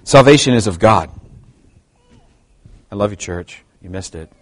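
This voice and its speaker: A middle-aged man preaching a sermon to his church, swinging from quiet asides to loud, emphatic passages. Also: on the low side, lively intonation, measured pace, no echo. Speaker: pastor.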